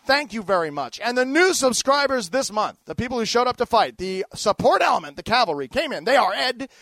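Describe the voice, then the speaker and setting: Very high-pitched and fairly bright, this man's voice swings widely in pitch and moves a little fast, with no echo. A middle-aged host of a daily news show, he rants angrily through stories and product plugs, swearing emphatically.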